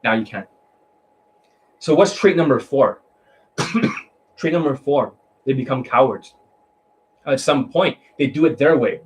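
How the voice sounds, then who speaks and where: Profane, mocking dating coach. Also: male voice, medium pitch, animated, a little slow, pauses often, a little hiss or hum, poor audio. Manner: mimics voices to demonstrate. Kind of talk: coaching monologue.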